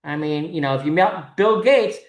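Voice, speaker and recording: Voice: medium pitch, animated, normal speed. A singles event organizer hosting a podcast, talking in a blunt, profane, ranting monologue. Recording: roomy echo.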